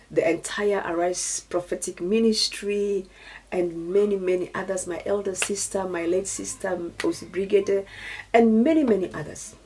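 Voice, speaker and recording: A woman's voice: mid-range voice, vocal fry, darkish tone, slight background noise, low-quality recording. A middle-aged woman from Namibia with a Namibian accent, telling a personal story to camera in an earnest, preachy way and thanking God often. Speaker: YouTuber. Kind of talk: personal story time, testimony.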